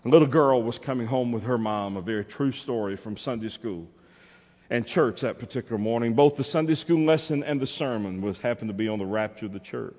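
A pastor preaches fervently with a mid-range voice, building from quiet urging to rousing calls. He repeats lines and leads his congregation in call-and-response. The long reverb of the church sanctuary trails behind every phrase. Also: medium pitch, fairly quick. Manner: fervent, repetitive call-and-response, rising to shouted exhortations. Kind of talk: sermon.

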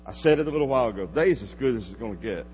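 A man's voice: medium pitch, expressive, rapid-fire, soft background music. Man preaching in a reverberant hall. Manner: dramatic swings from loud exhortation to quiet asides. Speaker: pastor. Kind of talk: sermon. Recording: dull lo-fi recording with long hall reverb and faint hum.

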